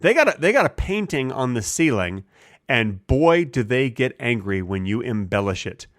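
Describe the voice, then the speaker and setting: Male podcast co-host, deadpan absurdist, mid pitch, dry booth sound. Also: moderate pace, dry recording. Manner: deadpan, absurd rambling jokes. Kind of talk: casual comedic chat.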